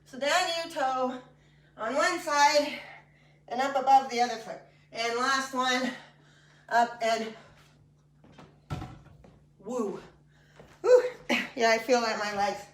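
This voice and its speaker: A woman's voice: high voice, slow pace, long pauses, distant mic. A woman fitness instructor guiding a class through exercises in a chatty, encouraging way with joking asides. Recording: echoey room, voice from off-mic.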